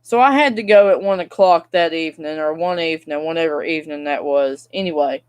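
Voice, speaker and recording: A woman's voice: sits low, a little fast, darkish tone, clear, resonant tone, highs cut off. A young woman, vlogging and venting in a rambling, frustrated way straight to her viewers. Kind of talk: casual vlog rant.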